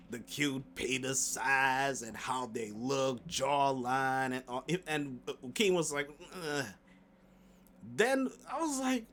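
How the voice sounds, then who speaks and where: This man's voice sits in the middle range with a slightly bright tone. Doing casual commentary as a YouTuber, he recaps a stream with plenty of slang and laughter, wandering through fillers and false starts.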